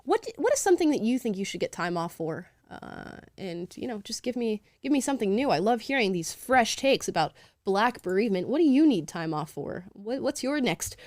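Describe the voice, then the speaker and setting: A woman's voice: fairly high pitch, sing-song, brisk, hardly any pauses, a little mellow, no room sound. Upbeat woman hosting a live stream. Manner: chatty and upbeat, laughs often. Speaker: host of a live talk show. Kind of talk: casual live-stream chat, reading viewer comments.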